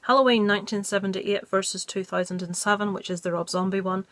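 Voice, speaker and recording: A woman's voice: mid-range voice, fairly even intonation, fast talker, no echo. A woman talks through her picks in a casual, chatty way, with a middle-range voice. She is blunt and jokey, and her opinions come out frank and unpolished. The sound is dry and close, with no room ring. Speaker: movie review vlogger. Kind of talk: casual chat.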